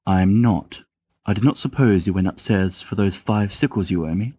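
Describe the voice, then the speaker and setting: A big, unhurried teenage wizard talks slowly and flatly, as a man reads him. The voice is low and husky, recorded close and dry. It comes from an amateur audiobook reading. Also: dry recording. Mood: deadpan. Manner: slow, measured, deadpan. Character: big, calm, imposing teenage boy wizard Kingsley.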